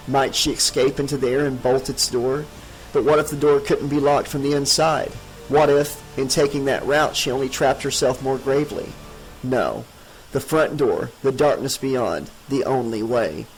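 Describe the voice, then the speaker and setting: A man narrating a horror audiobook in a steady, dramatic reading. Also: medium pitch, rough recording.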